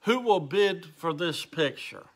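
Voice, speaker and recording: A man's voice: a little high, expressive, measured pace, husky, full character voice. A man reading a persistent auctioneer. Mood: insistent. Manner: formal, insistent calling for bids. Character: persistent male auctioneer at an estate sale.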